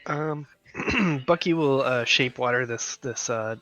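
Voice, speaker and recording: Hesitant male player with a sharp, bright voice. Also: medium pitch, slow pace, dry recording.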